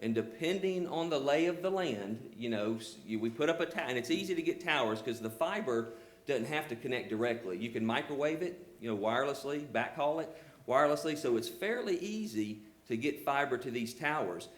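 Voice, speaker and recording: A man's voice: medium pitch, animated, brisk. An older man with a rural Southern accent, presenting his company at a public hearing and taking questions, earnest, with lots of "you know" fillers. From Georgia, US. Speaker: telecom company representative presenting.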